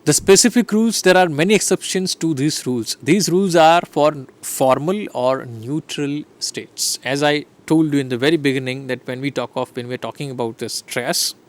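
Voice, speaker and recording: A man's voice: fairly high pitch, normal speed, hardly any pauses. A middle-aged man gives a recorded lecture, explaining slide by slide and checking in with "right?" and "fine". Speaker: English lecturer.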